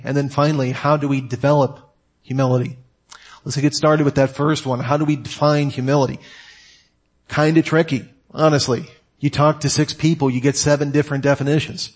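A man giving a sermon to his congregation, conversational with joking asides. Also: medium pitch. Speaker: pastor.

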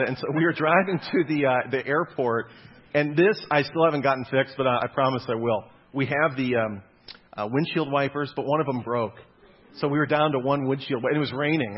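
Husky young man preaching casually. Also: medium pitch. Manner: conversational, self-deprecating, laughs often. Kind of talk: casual sermon with personal stories. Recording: dull lo-fi recording.

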